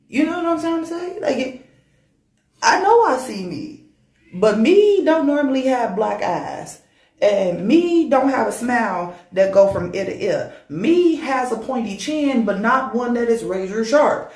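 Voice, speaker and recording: A woman tells a personal ghost story in casual, animated speech, often repeating words for emphasis. Her voice sits mid-range. The room adds a clear echo. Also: medium pitch, normal speed.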